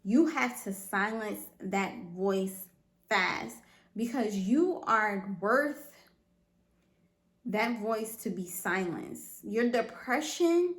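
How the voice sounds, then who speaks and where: A woman's voice: mid-range voice, animated, very slow. Woman doing a solo podcast, earnest and emphatic, keeps repeating herself, kinda roomy echo. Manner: earnest, emphatic, repeats phrases, asks the listener if they understand. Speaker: podcast host. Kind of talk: motivational solo podcast talk.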